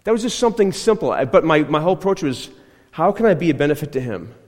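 A man's voice: on the high side, expressive, fast talker, big-room sound. A man preaching a conversational sermon as pastor, telling a personal story, repeating himself and often checking in with the congregation. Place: church.

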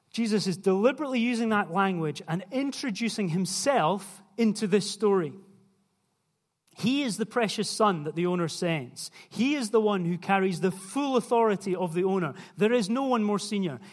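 A young man preaching a sermon in a conversational way, putting questions to the listeners. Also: high-pitched. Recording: long hall reverb.

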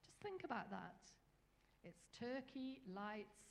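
A woman's voice: a little high, moderate pace, in a large hall. A woman preacher giving an earnest, encouraging sermon with small fillers.

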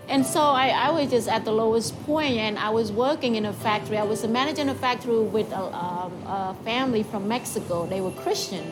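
A woman sharing a personal testimony in lively storytelling, acting out the dialogue. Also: fairly high pitch, a little fast, hardly any pauses, over music.

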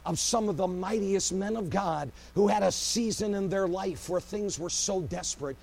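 A man preaching a sermon with great passion, swinging between loud cries and hushed, low passages. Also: moderate pace, creaky. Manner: impassioned, swings from shouting to hushed.

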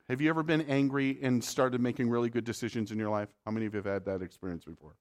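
A man's voice: medium pitch, fairly even intonation, quick pace, few pauses, darkish tone. A male pastor preaching a sermon in a conversational way, often asking the congregation rhetorical questions.

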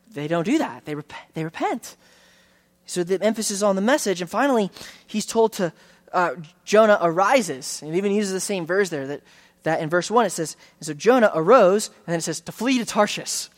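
Man preaching an earnest, conversational sermon. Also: sits high. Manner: earnest, conversational preaching with frequent restarts and slowed emphasis. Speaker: pastor.

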